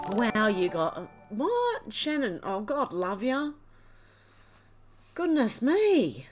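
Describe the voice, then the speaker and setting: A woman's voice: on the high side, huge pitch swings, extremely slow. A woman hosting a livestream, emotional and crying as she reads viewer comments aloud in casual chat. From Australia. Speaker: livestream host.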